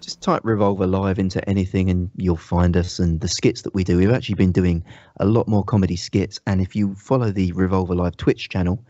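A man co-hosting a podcast, joking crudely in a dry, deadpan way. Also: low voice, a little fast, no room sound. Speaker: podcast co-host. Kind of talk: casual crude banter. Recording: muffled lo-fi mic.

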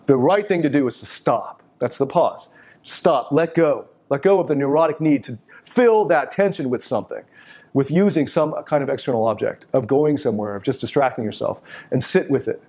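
A man's voice: mid-range voice, a little mellow. A middle-aged man giving a live motivational talk. He is blunt and swears freely, and he breaks into little performances of the people he quotes. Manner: blunt, profane, acts out quoted voices.

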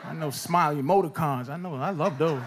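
A man doing a stand-up comedy set on stage, ranting loudly with shouted bursts. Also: fairly high pitch, fairly quick. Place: comedy stage before a live audience. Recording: live show with loud crowd noise. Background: audience laughter.

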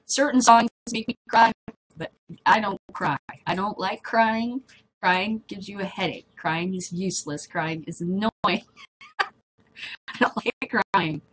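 A woman's voice: medium pitch, measured pace, a little hiss or hum, low-quality recording. Chatty woman vlogging, laughing often. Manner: chatty, laughs often, drifts between topics. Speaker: vlog host. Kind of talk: casual rambling chat to camera.

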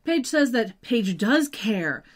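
Speaking slowly with big pitch swings in a voice on the high side, this podcast co-host recaps a TV episode in casual chat. She tosses in wry asides and lets sentences trail off with "just saying."

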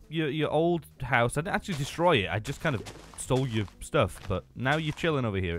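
Young man, let's-play commentary, playful, teasing, laughs a lot, mid pitch, very expressive. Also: fairly quick, faint music behind. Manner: excitable, playful, taunting game mobs, laughs often. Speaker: gaming YouTuber.

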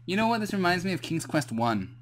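A man's voice: high-pitched, very animated, fairly quick, noisy background. A man teasing his brother while they comment on a game, breaking into playful silly noises and voices. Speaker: gameplay co-commentator. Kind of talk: casual gameplay commentary.

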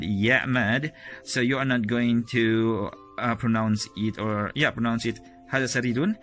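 A man teaching a casual video lesson, explaining step by step and repeating each word slowly. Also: medium pitch, fairly bright tone. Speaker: Arabic teacher.

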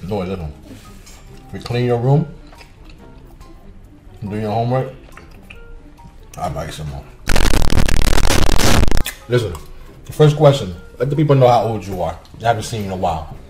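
A man's voice: lowish voice, lively intonation, moderate pace, long pauses, music in the background. A young man hosting a casual mukbang vlog, teasing his kid playfully while he eats. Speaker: family vlogger and dad.

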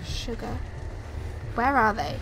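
Young woman gamer, high voice, frightened and rambling horror commentary, noisy background. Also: expressive, slow. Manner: frightened, rambling, repeats herself, talks to viewers. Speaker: gaming video creator. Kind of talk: live horror game commentary.

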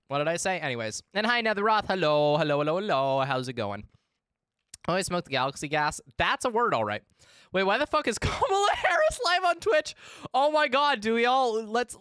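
A man's voice: fairly high pitch, pushed and bright, clean tone, no echo, studio quality. A man live-streaming a game, chatting casually with his chat in a rambling, profane way.

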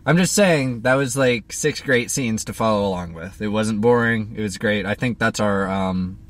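A man's voice: lowish voice, moderate pace. A man co-hosting a podcast, chatting casually and narrating a script. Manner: relaxed, with frequent fillers.

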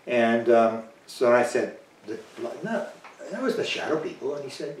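A man guest in an interview telling a long anecdote in a lively way, acting out the lines of people he quotes and chuckling now and then. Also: medium pitch, normal speed, a little hiss or hum. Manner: animated, chuckling, acts out quoted dialogue. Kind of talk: anecdotal storytelling in conversation. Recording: roomy, distant mic.

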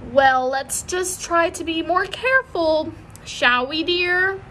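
A woman's voice: very high-pitched, slow pace, pushed and bright, a little hiss or hum, pitched above the performer's own voice, full character voice. A woman voicing a prim, stiff grandmother who speaks in a clipped, polite way.

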